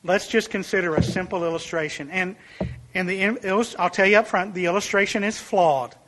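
A man's voice: fairly even intonation, brisk, fairly bright tone. A man preaching a sermon in an earnest, emphatic way. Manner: earnest, emphatic, rises in pitch and volume for illustrations.

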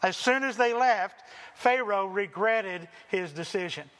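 Male pastor, deliberate sermon delivery, crisp bright tone, unhurried. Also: high-pitched, long reverb tail. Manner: slow, deliberate preaching with dramatic voiced quotes.

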